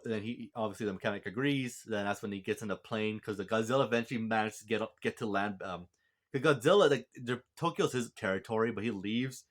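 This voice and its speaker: A man giving a casual spoken movie review, retelling the plot in a rambling, excitable way with lots of restarts. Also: fairly low pitch.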